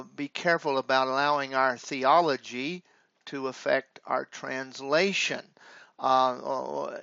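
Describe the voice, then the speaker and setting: A man teaching Greek grammar in a halting, deliberate way, with frequent filler pauses. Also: medium pitch, vocal fry, a bit bright, no echo. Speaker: Greek professor. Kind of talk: grammar lecture. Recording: dull lo-fi dry recording.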